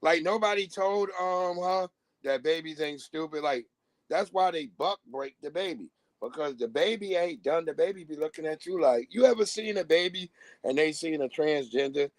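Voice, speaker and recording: A man's voice: a little high, lively intonation, moderate pace, dry recording, rough recording. A man on a live stream, ranting bluntly in casual talk and acting out the voices of people he quotes. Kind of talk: casual profane rant.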